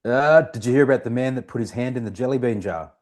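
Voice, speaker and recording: A man in casual podcast banter, joking deadpan. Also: medium pitch, fast talker.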